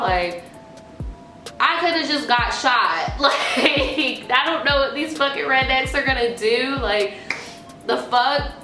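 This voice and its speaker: A woman vlogger telling a story in an animated, profane way, acting out quotes. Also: high voice. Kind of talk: casual storytime. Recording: echoey room.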